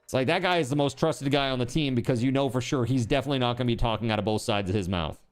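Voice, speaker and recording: A man's voice: mid-range voice, rapid-fire, clear, resonant tone, soft background music. A man streaming live, chatting casually, rambling and joking, with swearing.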